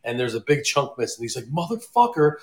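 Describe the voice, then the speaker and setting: A man co-hosting a podcast, telling an animated anecdote in casual chat and swearing freely. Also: medium pitch, quick pace. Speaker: podcast co-host.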